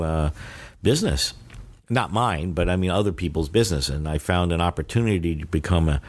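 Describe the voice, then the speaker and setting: An older man talks in a very deep voice. He is a guest in a casual interview and tells loose, wandering stories. He often restarts his sentences as he goes. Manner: rambling anecdotal storyteller with many restarts. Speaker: guest, Chinese teacher.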